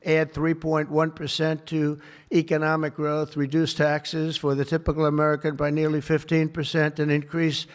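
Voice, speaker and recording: A man's voice: on the high side, completely flat delivery, normal speed. Rambling man giving a speech. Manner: rambling, repetitive, heavy on superlatives and asides. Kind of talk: off-the-cuff public speech. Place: event hall with a live audience.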